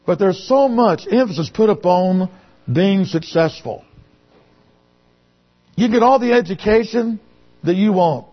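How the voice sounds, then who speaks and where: A man's voice: sits high, lively intonation, measured pace, pauses often. A man preaching a sermon who reads scripture aloud, repeats phrases and presses his points with rhetorical questions. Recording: dull lo-fi recording.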